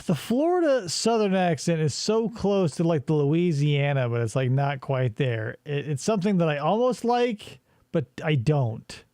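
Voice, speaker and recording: A man's voice: on the high side, moderate pace, no echo, studio quality. A man from Arizona co-hosting a casual podcast, riffing on old commercials in a rambling, profane way. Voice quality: animated, profane, rambling riffs. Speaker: podcast co-host.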